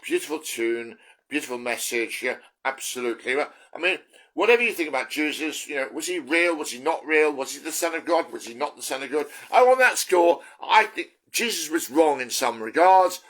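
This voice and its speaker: Earnest bright-voiced man musing on faith. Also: on the high side, lively intonation, brisk. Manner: earnest, discursive, many restarts. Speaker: self-styled prophet. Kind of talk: rambling spiritual monologue.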